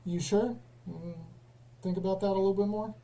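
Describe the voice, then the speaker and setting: A man's voice: high-pitched, steady tone, moderate pace, dark tone, rough recording. A man hosting a live call-in stream, questioning callers in a dry, sarcastic way. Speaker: livestream host. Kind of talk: casual live call-in chat.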